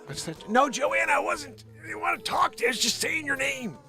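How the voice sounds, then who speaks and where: A man hosting a live improv comedy show, rambling with giggles and sudden shouted bursts. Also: very high voice, very animated, normal speed, faint music behind.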